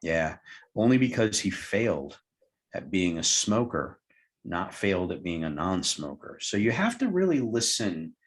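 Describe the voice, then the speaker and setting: A man's voice: low-pitched, big pitch swings, unhurried. A man, a hypnotherapist guest, telling a client story in an interview and acting out both sides of the dialogue. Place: lived in Tucson, Arizona.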